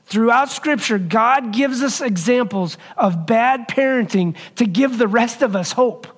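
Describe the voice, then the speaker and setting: High-voiced man preaching a conversational sermon. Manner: conversational, slows down to stress key lines. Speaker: pastor. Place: church sanctuary.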